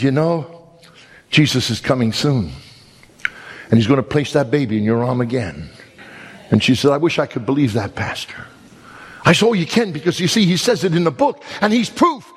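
A man's voice: medium pitch, husky, big-room sound. A man preaching a sermon, telling stories with emphatic rises and repeated words. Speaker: pastor.

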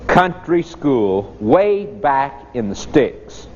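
Man, preacher, homespun storytelling sermon, swooping pitch, dull lo-fi recording, faint hiss. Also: sing-song, drawn-out words, in a large hall. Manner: homespun, addresses listeners as folks.

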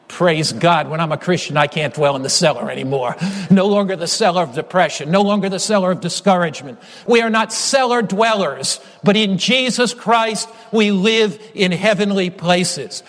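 A man's voice: high-pitched, normal speed, hardly any pauses, a bit bright, in a large hall. A male preacher delivering a sermon, emphatic and storytelling, building his points through repeated phrases.

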